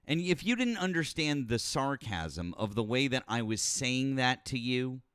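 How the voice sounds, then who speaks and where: A man's voice: mid-range voice, big pitch swings, measured pace, a bit bright, clear, resonant tone, dry recording, clean studio sound. A man hosting a live call-in politics stream, arguing with callers in a blunt, sarcastic and profane way, then reading viewer messages. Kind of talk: heated live call-in debate.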